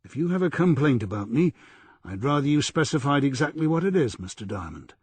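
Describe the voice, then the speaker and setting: A man's voice: medium pitch, sing-song, brisk, husky, dry recording, pitched above the performer's own voice. A man playing a pedantic, cold detective sergeant in an audiobook. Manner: nitpicking, cold replies.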